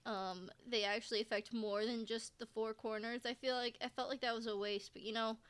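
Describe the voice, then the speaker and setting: A woman's voice: fairly high pitch, fairly even intonation, a little fast, a bit bright, smooth. A woman streamer giving casual let's-play commentary, rambling to herself with frequent restarts and giggles. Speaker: game streamer.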